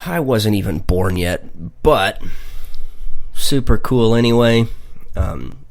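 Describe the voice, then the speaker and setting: Slow-talking male radio host. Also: lowish voice, animated, darkish tone. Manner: rambling, jokey, with fillers and asides. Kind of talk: casual radio talk.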